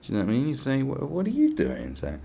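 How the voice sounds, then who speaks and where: A man hosting a solo podcast, ranting in a sarcastic, sweary, animated way. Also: medium pitch, fast, gravelly, a little hiss or hum. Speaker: podcast host.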